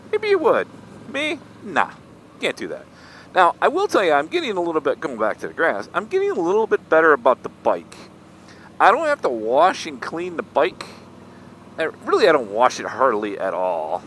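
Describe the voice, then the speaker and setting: A chatty middle-aged man vlogs while riding his motorcycle through traffic, rambling, mocking himself, and wandering off topic. His slightly high, fairly bright voice swings hugely in pitch at a moderate pace. The low-quality recording carries faint road and traffic noise.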